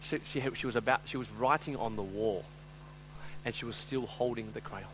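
A man preaching a live sermon, moving between loud, urgent appeals and quiet, chatty storytelling full of fillers. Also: mid-range voice, normal speed, background noise. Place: speaking before a live audience.

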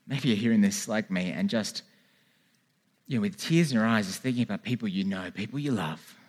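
A man delivers a church sermon in a fairly low voice. He pleads earnestly with his listeners and urges them to respond. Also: brisk, slightly rough. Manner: earnest, pleading calls to repent. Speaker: preacher. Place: church hall with a congregation.

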